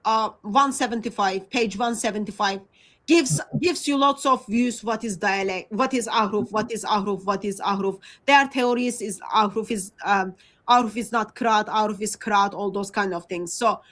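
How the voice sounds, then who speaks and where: A woman with a fairly high voice and a talks through her points on a casual livestream. She speaks haltingly, with many ums and restarts. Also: poor audio. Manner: hesitant, many fillers and restarts. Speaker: Christian apologist presenter.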